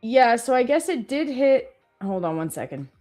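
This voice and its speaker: A woman's voice: on the high side, sing-song, normal speed, dark tone. A woman co-hosting a live stream, chatting casually and self-deprecatingly, often quoting her own thoughts. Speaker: co-host trading live. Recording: faint music behind.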